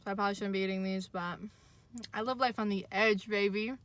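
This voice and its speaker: A young woman chatting casually to the camera in her car, self-mocking and chatty, her voice jumping higher when she gets excited. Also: fairly quick, dry recording. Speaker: vlogger. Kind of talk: casual vlog chat.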